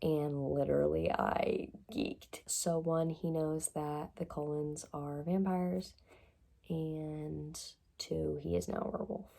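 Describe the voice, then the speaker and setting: A woman giving a casual reading vlog recap, chatty and excitable, with lots of "like" and "literally". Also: low voice, vocal fry. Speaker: book vlogger.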